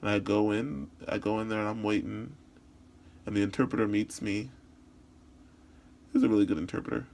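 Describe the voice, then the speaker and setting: A man voicing a signed personal story in the first person as interpreting practice, halting, with frequent restarts and repeated words. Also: lowish voice, gravelly, a little mellow.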